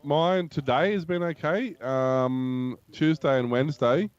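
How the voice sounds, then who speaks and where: A man's voice: a little high, measured pace, smooth, dull audio. A man co-hosting a casual tech podcast, talking in a dry, sardonic way. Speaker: podcast co-host.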